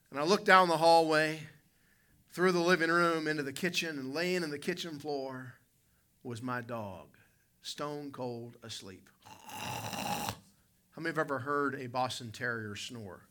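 Pastor guy preaching to his church, folksy storyteller, really bright sharp tone, mid pitch. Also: measured pace. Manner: folksy, vivid storyteller addressing the congregation. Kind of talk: evening sermon with personal storytelling. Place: church sanctuary.

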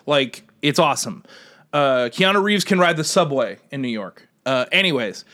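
A young man co-hosting a podcast, telling an animated story in casual chat. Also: a little fast. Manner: animated, laughs while telling stories, jumps into high excited voices. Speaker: podcast co-host.

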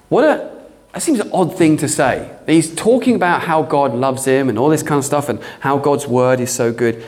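Preaching at a moderate pace in a slightly high voice, a middle-aged man fires up his sermon with fervor and animation. He keeps dropping in interjections like "amen" and "hallelujah."

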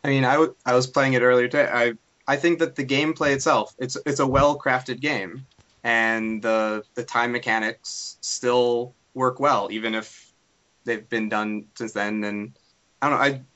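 Man, panelist, casual talk, halting, bright tense tone, muffled audio. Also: mid-range voice, fairly even intonation. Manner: hesitant, halting restarts. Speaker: podcast panelist. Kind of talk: casual roundtable discussion. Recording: dull lo-fi podcast audio.

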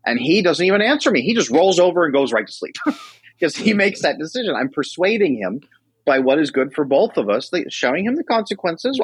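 Husky, lively-voiced man guest. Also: a little fast, dry recording. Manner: animated, acts out quoted people with big pitch jumps. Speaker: podcast guest. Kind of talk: podcast conversation.

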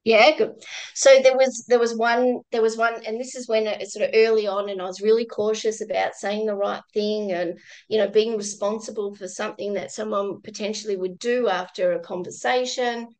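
A woman, a guest, telling a personal work story in a reflective, halting way with many restarts and some laughter. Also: mid-range voice, fairly even intonation, poor audio. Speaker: guest, former crisis-line volunteer.

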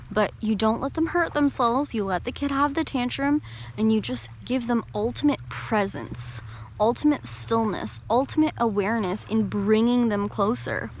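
A woman coach and podcast host giving a reflective talk in a gentle, slow, soothing way. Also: on the high side, slight background noise.

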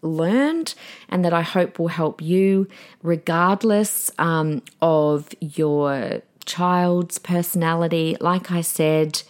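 A woman's voice: fairly low pitch, slow pace, clean tone. Chatty encouraging woman podcast host. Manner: encouraging, chatty, lively with small restarts. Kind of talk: solo podcast talk.

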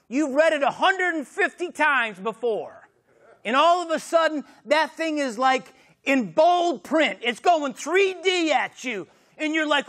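A man preaching a sermon as pastor, swinging from shouted exclamations to hushed, intimate lines. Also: very high voice, expressive, a little slow.

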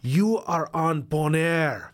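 A man voicing a courteous male local driver with a Caribbean accent, speaking slowly and with emphasis. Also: on the high side, expressive. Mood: emphatic. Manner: slow, emphatic, drawn-out delivery.

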